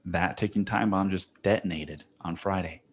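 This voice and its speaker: A man's voice: low voice, moderate pace, slight background noise. A young man hosting a solo podcast, venting with lots of swearing and "dude", his tonsils swollen. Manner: profane venting, heavy on "dude". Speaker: podcast host.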